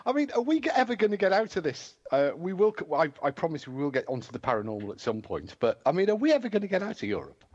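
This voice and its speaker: An English man hosts a casual chat, his voice swinging up and down lively as he jokes and rambles. He keeps cutting himself off mid-thought. The audio is dull and lo-fi. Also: sits high, fast talker, few pauses. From England. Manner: joking, rambling, self-interrupting. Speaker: podcast host.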